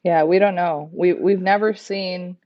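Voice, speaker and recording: A woman's voice: on the low side, fairly even intonation, unhurried. Friendly teasing woman co-host. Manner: friendly, teasing, greets viewers. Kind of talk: casual livestream banter. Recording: slightly dull lo-fi sound.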